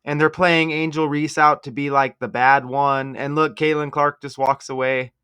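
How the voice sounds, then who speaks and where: A man's voice: on the high side, level tone, moderate pace, bright, forceful tone, clear, resonant tone. A man hosting a casual video, commenting sarcastically over game footage and laying out number-cipher theories. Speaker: sports commentary video host.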